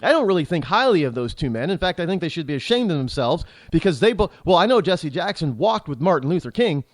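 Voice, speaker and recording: A man's voice: a little high, sing-song, quick pace, no echo. A man hosting a talk show, delivering a rambling, indignant political commentary monologue full of restarts and repeated words.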